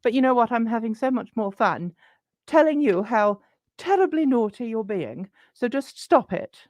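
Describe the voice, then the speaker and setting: Lady putting on a pompous old queen, tells you off, kinda high, dry close sound. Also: lively intonation, moderate pace, darkish tone, no room sound, muffled recording, natural voice. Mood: scolding. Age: 179 as a joke figure; old. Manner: pompous, patronising scolding. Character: haughty ancient queenly woman, scolding. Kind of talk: comic in-character rant.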